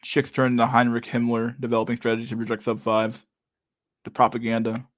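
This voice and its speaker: A man's voice: medium pitch, little pitch movement, brisk, no room sound, clean studio sound. A man in his thirties hosting a casual live stream, reading viewer comments aloud in a loose, profane way and saying "dude" a lot. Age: 30s.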